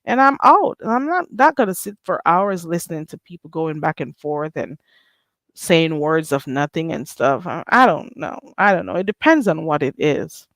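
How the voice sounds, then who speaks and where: A woman's voice: low voice, very animated, moderate pace, fairly bright tone, dry recording. A woman with a Caribbean accent hosting her own channel, chatting casually and bluntly to her viewers in a sassy, rhetorical way. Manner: blunt, sassy, rhetorical, reads chat names aloud. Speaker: channel host. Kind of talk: casual livestream chat.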